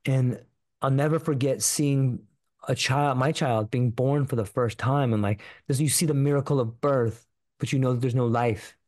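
Podcast guest, man, earnest and profane, mid-pitched voice, dry close sound. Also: normal speed, darkish tone, no echo. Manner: earnest, profane, repetitive, full of fillers. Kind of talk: emotional personal storytelling.

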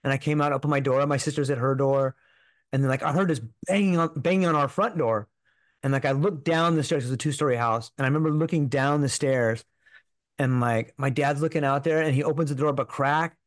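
A man's voice: medium pitch, a little fast, no echo. A man telling a personal story as a podcast guest, in an earnest, rambling way full of filler words.

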